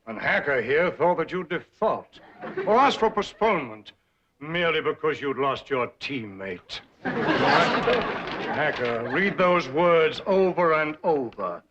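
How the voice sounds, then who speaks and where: An actor playing a pompous, theatrical middle-aged rival banker in a 1960s TV sitcom, speaking in grandiose oratory. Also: male voice, on the high side, sing-song, takes it slowly. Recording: dull old TV audio with heavy hiss.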